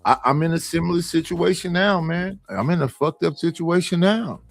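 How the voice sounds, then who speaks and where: Blunt, profane male panelist; raised pitch, rough fry, dry close sound. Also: moderate pace, dry recording, soft background music. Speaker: podcast panelist. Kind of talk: casual chat.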